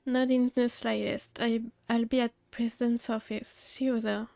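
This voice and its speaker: Woman streamer, higher voice, reads game lines flatly into a desk mic. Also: moderate pace, vocal fry, dry recording. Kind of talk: reading game dialogue aloud.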